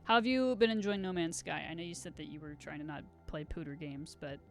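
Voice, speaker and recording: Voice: medium pitch, steady tone, brisk, a bit bright, soft background music. A live streamer in casual gaming stream chat, rambling and self-deprecating with giggly asides.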